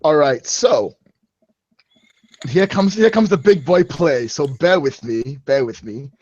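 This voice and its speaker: A young man playing a tabletop game, excitable and hammy, swearing at his dice. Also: on the high side, slow, dull audio. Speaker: player. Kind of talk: casual game chat with in-character speech.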